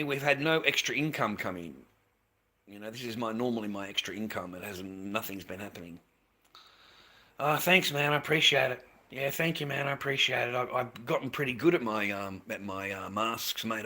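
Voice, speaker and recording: An Australian man in middle age chats on his livestream in a bright, forward voice. He rambles, repeats his points, and drops in mate and the odd swear word. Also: medium pitch, a little fast. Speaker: livestreamer selling handmade masks. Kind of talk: casual livestream chat.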